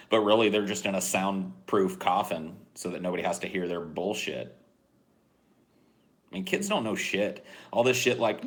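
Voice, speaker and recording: A man co-hosting a podcast, rambling through a profane, deadpan rant in casual chat. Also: fairly low pitch, moderate pace. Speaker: podcast co-host.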